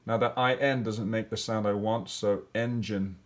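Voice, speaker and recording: A man's voice: lowish voice, steady tone, moderate pace. A male teacher walking through grammar and spelling exercises step by step, thinking aloud with fillers. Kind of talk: classroom lesson walkthrough.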